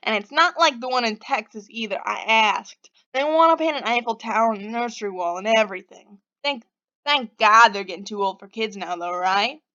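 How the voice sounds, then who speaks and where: A woman's voice: moderate pace, pushed and bright, dull audio. A woman voicing a rude, pushy young man from Boston in a game, with a nasal, strained voice and a put-on Boston accent. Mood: chatty. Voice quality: nasal, lilting, forced deeper and strangled. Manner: brash, confrontational, talkative.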